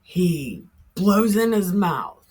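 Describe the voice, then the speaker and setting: A woman's voice: lowish voice, lively intonation, drawn-out words, a little mellow, husky. A woman retelling a Bible story in a casual, irreverent way, full of slang, cussing and laughing asides.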